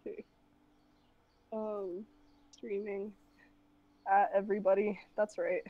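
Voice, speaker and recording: A woman's voice: medium pitch, flat delivery, takes it slowly, no room sound, narrow, tinny audio. Giggly scatterbrained woman, losing her voice. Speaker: guest streamer. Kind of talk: casual chat while livestreaming.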